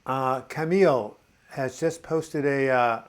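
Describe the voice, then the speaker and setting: A man's voice: medium pitch, slow pace. A man hosting a casual live video chat, reading out viewers' comments and answering them in a rambling, encouraging way. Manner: chatty and rambling, reads viewer comments aloud; encouraging, addresses viewers as boys and girls.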